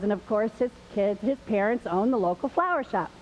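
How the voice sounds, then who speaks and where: A woman's voice: a little high, very animated, brisk, few pauses. A woman hosting a live church show, chatty and laughing, a little nervous as she tells a story. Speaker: host. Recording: dull lo-fi with faint hiss.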